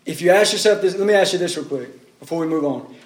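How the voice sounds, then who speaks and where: A man's voice: on the high side, lively intonation, fast. A man preaching a sermon, pressing his points with rhetorical questions and repeating key words. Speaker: pastor. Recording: roomy echo.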